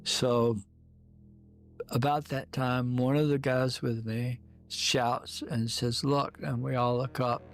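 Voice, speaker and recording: A man's voice: medium pitch, little pitch movement, slow pace, faint music behind. An older man recounting a personal experience in a documentary clip, acting out the dialogue he remembers. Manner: plain storytelling, acting out quoted dialogue.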